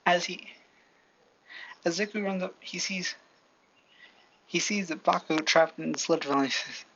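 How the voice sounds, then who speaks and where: A woman telling a rambling fan-fiction story from home into a computer mic, halting and restarting often. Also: on the low side, a bit bright. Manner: halting, full of restarts and fillers. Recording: lo-fi, faint hiss.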